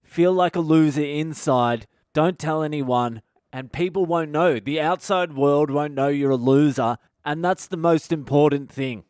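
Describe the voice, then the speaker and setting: A man's voice: fairly high pitch, a little slow, darkish tone, clean tone, no room sound, studio quality. A man, a comedian hosting his own podcast, delivering a sardonic comic monologue that is full of swearing and acted-out mock dialogues.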